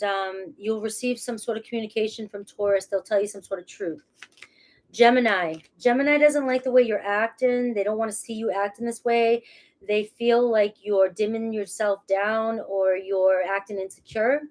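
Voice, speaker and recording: A woman giving a casual tarot reading to camera. She talks chattily and reassuringly, often adds "all right" and "okay", and restarts her sentences. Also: medium pitch. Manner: laughs at herself, restarts phrases. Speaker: tarot reader.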